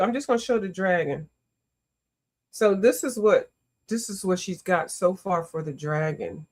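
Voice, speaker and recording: A woman chats through a coloring livestream, talking to her viewers as she works. Her voice sits mid-range, and she reacts to the artwork with lively exclamations. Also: mid-range voice, a little slow, husky. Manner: chatty and animated, greets viewers, often exclaims. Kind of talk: casual livestream chat.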